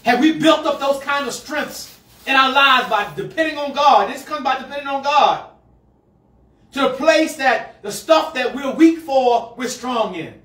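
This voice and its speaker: A male pastor preaching a sermon to a congregation, moving between quiet asides and shouted call-and-response lines. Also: very high voice, a little slow. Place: church sanctuary with a congregation. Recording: echoey hall, mic far off. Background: congregation answering.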